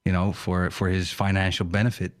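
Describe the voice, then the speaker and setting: A man co-hosting a podcast in casual chat, reacting with quick exclamations and questions. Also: deep voice, flat delivery. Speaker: podcast co-host.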